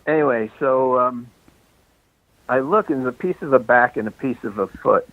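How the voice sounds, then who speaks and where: A man's voice: mid-range voice, normal speed, dry recording. An older man, a film director, telling rambling anecdotes in a casual interview, chuckling and restarting his sentences, a bit out of breath as he walks around. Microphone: phone call. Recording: tinny dry phone line.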